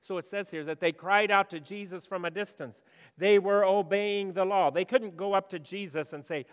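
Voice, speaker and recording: A male pastor preaching a sermon in a conversational way, asking the congregation questions and moving between loud and hushed delivery. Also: high-pitched, steady tone, moderate pace, clear, resonant tone, long reverb tail.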